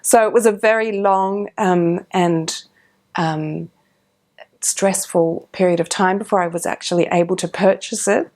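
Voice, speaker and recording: A woman's voice: lowish voice, unhurried. Woman fondly recalling her cello. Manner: warm, animated, with frequent ums and restarts. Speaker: professional orchestral cellist. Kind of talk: reflective interview storytelling.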